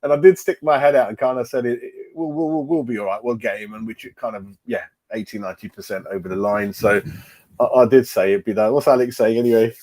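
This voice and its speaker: A man's voice: mid-range voice, quick pace, darkish tone. A middle-aged man hosting a football fan livestream in casual chat, greeting viewers by name and often repeating his words. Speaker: fan channel host.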